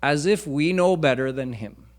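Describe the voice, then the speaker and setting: A man's voice: on the high side, moderate pace. A man preaching a devotional lecture in a temple, teaching earnestly and chanting Sanskrit verses. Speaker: swami preacher. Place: temple hall.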